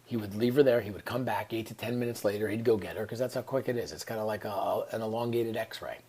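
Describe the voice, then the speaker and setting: A man's voice: lowish voice, fast talker, a little mellow, breathy edge. A man, telling a personal story in an earnest, reflective way and often dropping into whispered asides. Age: 30s. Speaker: vlogger.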